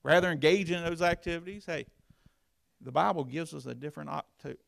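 A man with a heavily gravelly, creaky voice preaches a sermon, close and dry on the mic. He swings from low, confiding asides to loud, emphatic bursts. His pitch sits in an ordinary middle range for a man. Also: fairly quick, no room sound. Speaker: pastor.

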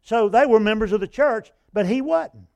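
A man's voice: high-pitched, normal speed, creaky, mellow, no room sound, muffled recording. An older man, preaching a revival sermon and telling a folksy story that swells into impassioned recounted prayers.

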